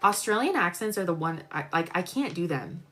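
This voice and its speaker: A woman doing a live-stream tarot reading, chatty and expressive, jumping from excited squeals to low murmurs as she talks to her viewers. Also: fairly quick, heavy background noise. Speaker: tarot reader.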